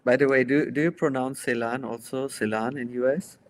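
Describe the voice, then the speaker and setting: A man guesting on a casual watch chat, relaxed and easygoing, often breaking into a laugh. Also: medium pitch, brisk.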